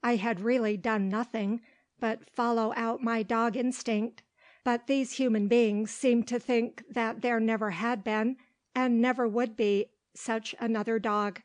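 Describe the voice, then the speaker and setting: A woman narrating an audiobook with steady, clear storytelling. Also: a little high, a little slow. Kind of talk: audiobook reading.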